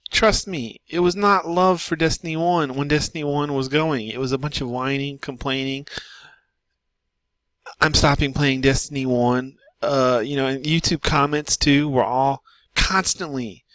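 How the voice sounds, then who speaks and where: Fed up guy ranting about gaming stuff, kinda high voice, dry close sound. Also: fairly even intonation, normal speed, fairly bright tone, no echo. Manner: exasperated, repetitive ranting. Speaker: gaming commentator. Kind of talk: ranting monologue.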